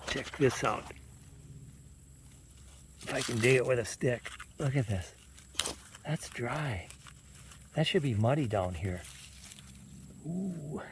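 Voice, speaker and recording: A man's voice: lowish voice, background noise. A man with a Minnesotan accent, casually narrating outdoors as he tours park trails on a recumbent trike, chatty and pointing things out along the way. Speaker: trike touring vlogger.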